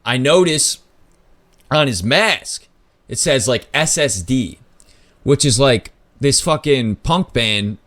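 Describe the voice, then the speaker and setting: A man at a middle pitch tells a story in a relaxed, rambling way, leaning hard on "like" and casual swearing. He jumps up in pitch when he acts out what other people said. The sound is dry and close, with no room around him. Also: slow pace, no room sound. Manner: loose, filler-heavy talk with lots of "like" and swearing. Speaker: podcast host.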